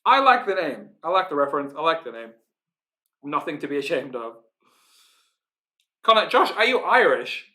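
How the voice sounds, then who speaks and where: Bright-voiced Yorkshire quiz host. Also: male voice, a little high, big pitch swings, normal speed, pauses often. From Yorkshire, England. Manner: chatty, reads out team names, laughs often. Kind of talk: live online quiz hosting.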